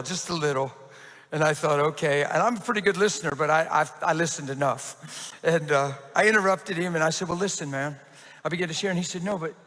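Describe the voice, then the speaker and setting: Pastor, male, high bright voice, lively storyteller, long church echo. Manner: animated storytelling, quick restarts. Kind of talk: testimony sermon. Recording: reverberant church hall.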